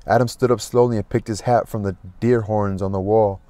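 A man reading a classic novel aloud as an audiobook, in a steady, unhurried way. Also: fairly low pitch, no room sound. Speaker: audiobook narrator.

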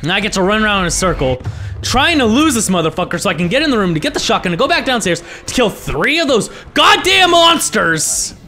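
A man giving let's play commentary as a gaming host, frustrated, swearing constantly and yelling at the game. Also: high voice, very animated, rapid-fire, faint music behind. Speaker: gaming YouTuber.

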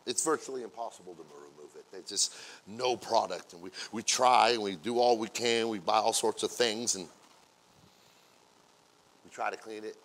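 A man with a fairly low voice preaches a sermon as a pastor. He acts out everyday scenes in playful quoted voices, moving from quiet asides up to loud, drawn-out exclamations.

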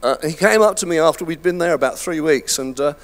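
In a church hall, an older man from the United Kingdom gives a sermon at a fast clip, his voice a little high. The pastor keeps it chatty and pokes fun at himself, with plenty of fillers and false starts.

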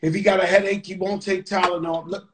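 A man's voice: sits high, flat delivery, a little fast, a bit bright. A man hosting a live video chat, telling stories animatedly and swearing freely. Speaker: host. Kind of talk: casual live-stream chat. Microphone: phone on a live video call.

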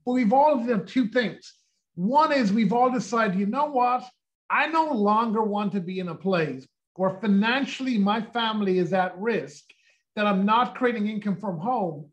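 A man in his sixties giving an energetic sales pitch on a video call, firing off rhetorical questions and acting out quotes. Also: rough recording. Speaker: company co-founder presenting.

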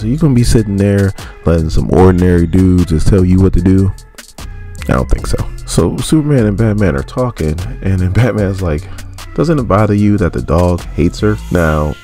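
A man hosting a comic book channel, chatting casually and laughing through an animated retelling of an issue. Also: sits low. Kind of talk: casual comic recap vlog.

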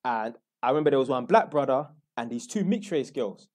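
A man's voice: medium pitch, expressive, a little fast, a little mellow. A young man with a London accent telling a rambling, slangy story in a blunt, casual way. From London, England. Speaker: YouTuber.

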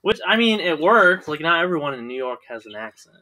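A man co-hosting a casual podcast with friends, excitable and a bit bossy, laughing often. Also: on the high side, brisk, low-quality recording. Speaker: podcast co-host. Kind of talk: casual chat among friends.

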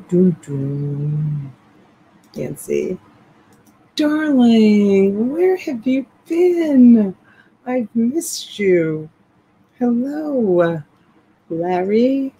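A woman hosts a late-night live stream from home, talking slowly and easily and greeting her viewers one by one. She keeps her voice hushed, close to a half-whisper. A faint hiss sits under her voice on the desk mic. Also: sits low, poor audio. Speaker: live-stream reseller host. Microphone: USB desk mic.

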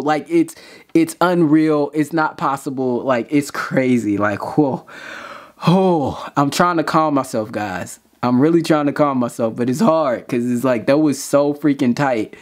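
Excitable man reacting. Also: a little high. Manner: exclamatory, slangy, stumbles over restarts. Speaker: reaction video host.

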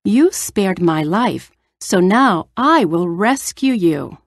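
A woman's voice: medium pitch, lively intonation, takes it slowly, no echo. A tiny, brave mouse who speaks politely and earnestly, as a woman reader puts her on. She talks unhurriedly in a dry, close storybook reading.

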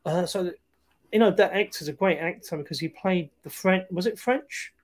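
A man with a fairly high voice talks through a film in loose, casual chat. He hesitates often, trailing off into fillers and restarting his sentences. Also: moderate pace. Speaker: film review podcast co-host.

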